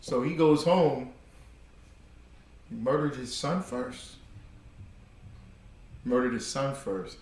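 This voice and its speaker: A man's voice: medium pitch, takes it slowly, long pauses, a little mellow, a little hiss or hum. A man teaching an informal class, telling stories in an emphatic, repetitive way with casual slang. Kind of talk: informal class talk with storytelling. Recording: echoey room.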